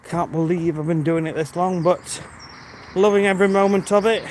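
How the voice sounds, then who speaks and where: A man's voice: high voice, steady tone, moderate pace, a little mellow, a little hiss or hum. A British man live-streaming as he walks outdoors, chatting casually and greeting viewers by name, recorded on a handheld phone. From Britain. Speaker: livestreamer. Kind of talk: casual live-stream chat while walking. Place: outdoors on a rural walk.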